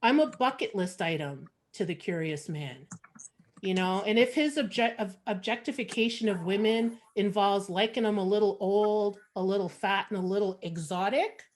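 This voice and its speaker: A woman's voice: mid-range voice, normal speed. A woman from Montreal with a Canadian accent, performing a frank, sardonic stand-up set over a video call. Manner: frank, sardonic, conversational with many fillers. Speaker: stand-up comedian.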